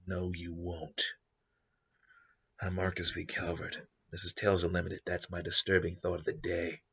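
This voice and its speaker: Husky-voiced man pitching a story idea. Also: normal speed, lo-fi sound. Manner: animated, acts out quoted characters in passing. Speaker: podcast host. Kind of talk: casual story pitch monologue.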